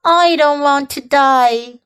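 A worried little pig, read by a woman, with a fairly high, soft tone. He speaks earnestly and anxiously, slowly. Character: young timid male pig, anxious and sweet.

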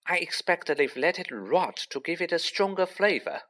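A man's voice: fairly high pitch, very animated, moderate pace, bright, forceful tone, voice pushed up. A man reading a storybook voices a bookish, self-assured schoolgirl in a raised, matter-of-fact tone. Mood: knowing.

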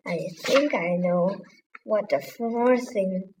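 A woman voicing an eager, excited young girl in a read-aloud storybook, lifting her voice higher for the part. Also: takes it slowly, recorded from a distance, a little hiss or hum, lightly acted, low-quality recording. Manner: higher, brighter, excited delivery.

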